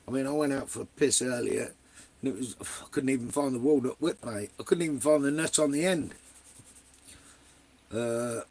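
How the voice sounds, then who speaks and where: A man's voice: mid-range voice, normal speed, darkish tone. An Englishman, casually chatting live from his camper van with viewers, full of banter and swearing, calling everyone mate and son. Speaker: vanlife live streamer.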